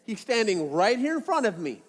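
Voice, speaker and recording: Male pastor, high voice, relaxed playful sermon delivery, long reverb from the hall. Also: moderate pace. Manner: casual, playful storytelling with acted asides.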